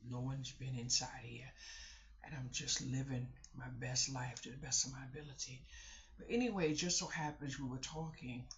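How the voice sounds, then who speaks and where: A woman's voice: very deep voice, fairly even intonation, moderate pace, highs cut off. A woman telling viewers a personal story in a casual, colloquial way, talking to them directly and restarting often.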